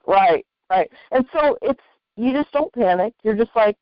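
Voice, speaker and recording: An interview host talks in an easy, encouraging way and comes back to the same points more than once. The voice sits at a middle pitch. The sound is dull and lo-fi, dry with no room around it. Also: animated, measured pace, no echo. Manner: encouraging, conversational, repeats points. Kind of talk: casual interview chat.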